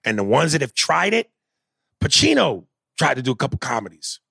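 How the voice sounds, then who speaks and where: A man hosting a casual chat, talking in an animated, emphatic and profane way. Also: medium pitch, a little fast, vocal fry, husky, no echo, studio quality.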